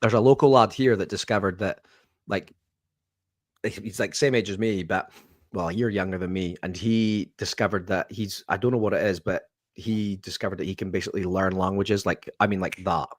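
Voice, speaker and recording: A man's voice: low-pitched, fairly even intonation, normal speed, no echo, studio quality. A man co-hosting a casual podcast, trading jokey, teasing banter. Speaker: podcast co-host. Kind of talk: casual chat.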